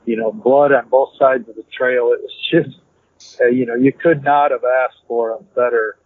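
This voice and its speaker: A man, a hunter and podcast guest, telling a story in a rambling, animated way and repeating "I said" as he acts out the dialogue. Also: mid-range voice, moderate pace, no echo. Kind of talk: casual storytelling. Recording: tinny phone-like, dry.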